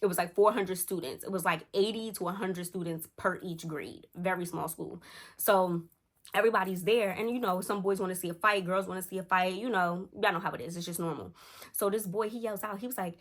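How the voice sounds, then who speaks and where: A young woman tells a storytime to camera in a casual, animated way, acting out the quotes. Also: fairly quick. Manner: animated, acts out quotes with shifting pitch. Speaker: storytime vlogger. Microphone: camera close up.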